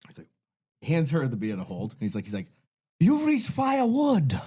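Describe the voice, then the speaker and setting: A man's voice: lowish voice, fast talker, husky. A man co-hosting a podcast, telling a profane anecdote in casual chat. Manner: profane, animated storyteller. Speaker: podcast co-host.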